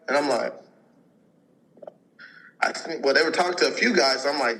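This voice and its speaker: A man's voice: medium pitch, fairly quick, pauses often, pushed and bright, rough recording. A man in his twenties, a podcast guest, telling a long personal story in a rambling way, full of filler words and acted-out quotes from other people. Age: 20s. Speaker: podcast guest, pro football player. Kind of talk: casual storytelling.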